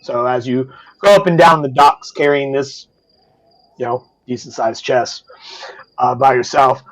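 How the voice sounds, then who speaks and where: Man, game master, live tabletop stream, casual, rambling, swears now and then, mid pitch. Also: steady tone, measured pace, poor audio. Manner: loose, rambling, full of fillers and swearing.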